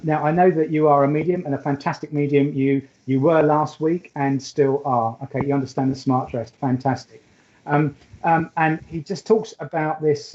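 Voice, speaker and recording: A man's voice: a little high, warm tone, muffled recording. A man giving a live spiritualist mediumship reading, chatty and affectionate, rambling with fillers and restarts. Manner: chatty and affectionate, calls the sitter "my darling".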